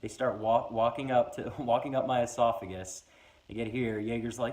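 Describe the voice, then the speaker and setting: A man in his twenties telling a funny personal story in a casual, animated way, acting out voices as he goes. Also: medium pitch, a little fast. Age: 20s. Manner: animated, acts out every voice in the story. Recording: echoey room.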